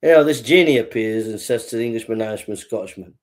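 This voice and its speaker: A man's voice: lowish voice, quick pace, hardly any pauses. A man telling jokes in a rambling way as a podcast host, laughing at his own punchlines. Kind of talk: joke telling.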